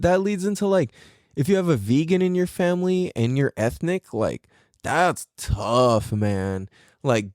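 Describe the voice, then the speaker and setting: A man's voice: medium pitch, darkish tone, no room sound, studio quality. A man hosting a podcast, talking casually and comically, laughing often and acting out his relatives' voices. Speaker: podcast host. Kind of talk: casual comedic monologue.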